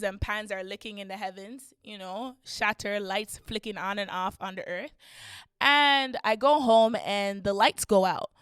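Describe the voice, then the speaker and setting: A young woman co-hosting a podcast, telling a story in a casual, animated way, laughing and acting out voices as she goes. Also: mid-range voice, smooth, no room sound, studio quality. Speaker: podcast co-host.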